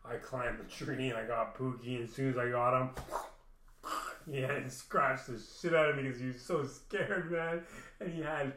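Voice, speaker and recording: A man's voice: medium pitch, fairly even intonation, normal speed, a bit bright, slight background noise. A young man casually telling a long personal story, rambling with many restarts and frequent swearing. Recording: roomy echo.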